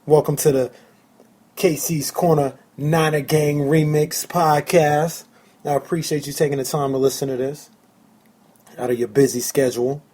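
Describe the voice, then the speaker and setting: A man hosting his own sports podcast alone, talking excitedly and emphatically and repeating phrases for effect. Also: on the high side, moderate pace. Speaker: podcast host. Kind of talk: solo sports fan podcast.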